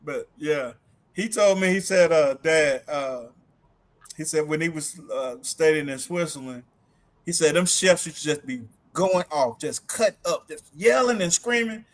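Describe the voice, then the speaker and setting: A middle-aged man chatting on a livestream from home, with a voice that sits somewhat high for a man. He tells stories in an animated way, laughing often and acting out other people's lines. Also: unhurried. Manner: animated storyteller, laughs often, acts out quotes. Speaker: livestream co-host. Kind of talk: casual chat.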